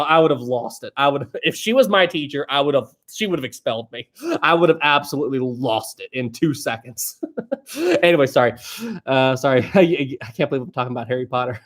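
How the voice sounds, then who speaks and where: A young man hosting a live stream, chatting casually and rambling as he reads viewer questions. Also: on the high side. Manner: rambling and chatty, often laughing. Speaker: livestream host.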